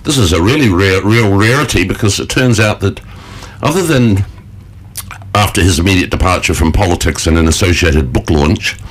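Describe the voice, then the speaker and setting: A man with a fairly low voice chats on a morning radio show from the studio. He rambles through his stories with plenty of fillers and the odd chuckle. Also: normal speed, breathy edge. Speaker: radio presenter. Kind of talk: casual radio chat.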